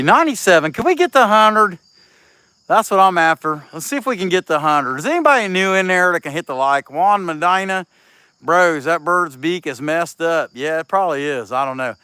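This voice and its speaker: A middle-aged man talks easily to his stream audience as he works, reading their comments aloud. His voice sits a bit high for a man and sounds sniffly from a cold. Faint crickets and insects carry in from outdoors. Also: sharp tone, a little hiss or hum. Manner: laid-back, chatty, reads viewer comments aloud. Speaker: chainsaw carver streaming live. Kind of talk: casual livestream chat while working.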